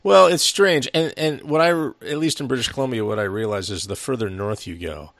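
A man's voice: medium pitch, brisk, fairly bright tone, no room sound. A man co-hosting a casual film review podcast, rambling with many restarts and frequent swearing. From United States. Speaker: podcast co-host.

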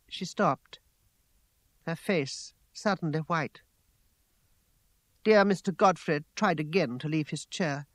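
A man narrating a story aloud with expressive, character-voiced storytelling. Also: fairly high pitch, slow pace, pauses often, no room sound. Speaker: audiobook reader.

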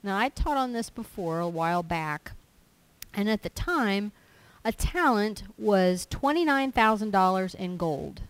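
A woman's voice: medium pitch, expressive, a little slow, clear, resonant tone, no echo, low-quality recording. A woman preaching a sermon, reading a scripture passage aloud and explaining it, sometimes acting out everyday complaints in character. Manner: reads scripture aloud then applies it, acting out quoted complainers.

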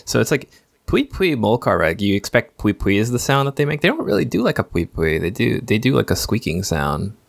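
A man co-hosting a podcast, his low voice full of gravelly fry. His pitch moves about with lively animation as he drops dry, matter-of-fact quips. The sound is dry and close. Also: brisk, dry recording. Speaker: podcast co-host. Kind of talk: casual chat.

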